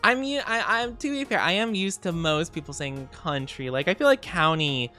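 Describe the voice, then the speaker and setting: A woman's voice: on the low side, animated, moderate pace, pushed and bright, faint music behind. A woman streamer chatting casually and playfully with her viewers, greeting them by name. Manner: playful sing-song asides. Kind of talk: casual livestream chat.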